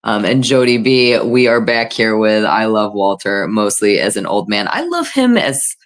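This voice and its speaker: Very low-voiced woman chatting animatedly. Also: moderate pace. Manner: animated, self-deprecating, chatty with many fillers. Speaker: livestream host. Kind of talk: casual livestream chat reading comments.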